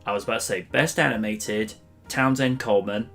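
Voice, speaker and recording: A man's voice: lowish voice, brisk, creaky, fairly bright tone, soft background music. A man in casual livestream chat, speaking hesitantly with many fillers.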